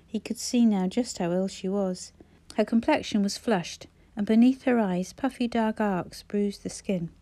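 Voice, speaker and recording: A woman reading a novel aloud as narrator, calm and measured. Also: mid-range voice. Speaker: audiobook narrator. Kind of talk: scripted narration.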